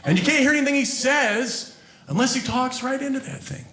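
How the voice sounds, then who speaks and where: A man performing a stand-up comedy set, telling stories about his family in an animated way. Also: extremely high pitch, brisk, roomy sound. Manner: animated storytelling, acting out quotes.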